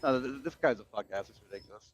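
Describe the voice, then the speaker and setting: Fast, profane man ranting. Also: mid-range voice, soft background music. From United States. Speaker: streamer. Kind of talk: casual livestream chat. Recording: dull lo-fi mic.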